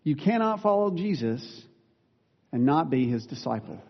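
A male pastor preaching a sermon, earnest and plain-spoken, with self-deprecating asides and quick corrections of himself. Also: on the high side, big pitch swings, creaky. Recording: dull sound with long reverb in a large room.

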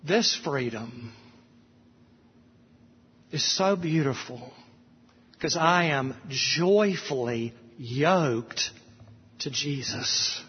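Earnest preacher, husky voice. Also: male voice, fairly high pitch, expressive. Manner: earnest preaching, slowing on key phrases. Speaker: pastor. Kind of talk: sermon. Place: church sanctuary. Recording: echoey church hall, slightly muffled.

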